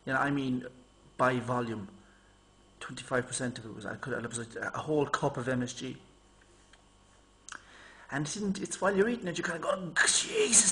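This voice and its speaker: A man rambling casually to his camera, telling stories and mimicking people in a raised voice. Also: medium pitch. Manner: chatty, animated storytelling, mimics people in raised voice. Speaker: vlogger.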